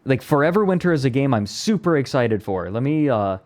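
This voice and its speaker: A man streamer in casual live chat, excitable and prone to repeating words in quick bursts. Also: medium pitch.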